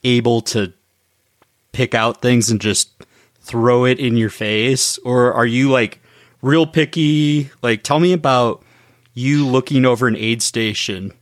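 A man hosting a casual podcast interview, asking relaxed, rambling questions. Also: mid-range voice, takes it slowly, dry recording, clean studio sound. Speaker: podcast host.

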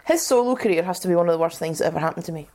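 A woman's voice: fairly low pitch, lively intonation, rapid-fire, dark tone. A woman co-hosting a podcast in casual chat, blunt and sarcastic, laughing often. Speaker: podcast co-host.

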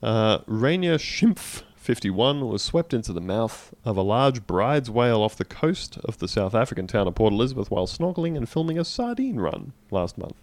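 A man's voice: mid-range voice, big pitch swings, normal speed, few pauses, no room sound. A man co-hosting a casual comedy podcast, reading out news stories with jokey asides. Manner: reads news aloud with jokey asides and laughs.

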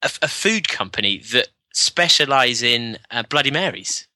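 A southern English man co-hosts a podcast, his mid-range voice expressive, pushed, and bright, captured in clean, echo-free studio sound at normal speed. The chat is casual and jokey; he laughs a lot and slips into silly voices.

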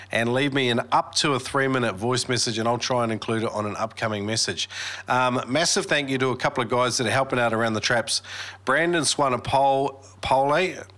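A man's voice: mid-range voice, sharp tone. A man hosting a podcast, chatty and upbeat with casual fillers. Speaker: podcast host. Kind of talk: casual podcast intro and ad reads.

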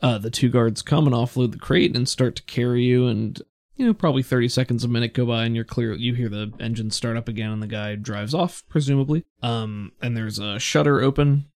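Gravelly-voiced man running a tabletop game. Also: medium pitch. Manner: relaxed, halting, full of fillers. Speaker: game master.

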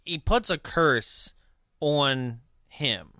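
A man's voice: fairly high pitch, lively intonation, drawn-out words, bright, forceful tone, dry recording, studio quality. A man co-hosting a casual movie-review chat, joking and laughing often. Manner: laughs often, jokey and teasing. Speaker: podcast co-host.

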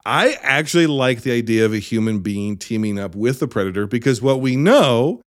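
A man's voice: medium pitch, normal speed. A man co-hosting a casual movie review podcast, talking emphatically with swearing and laughter. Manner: animated, profane, laughing, emphatic. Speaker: podcast co-host.

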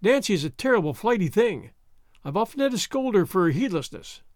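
Man doing a fussy kind older lady, effusive, apologetic, high lively voice. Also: a little fast, dry recording, studio quality. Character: kindly fussy older village woman. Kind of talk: audiobook reading.

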